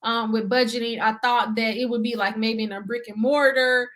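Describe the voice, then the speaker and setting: Bright, high-voiced young woman. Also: steady tone, moderate pace. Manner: earnest, talkative, many fillers and "you see what I'm saying". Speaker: guest, budgeting YouTuber. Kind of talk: casual interview chat.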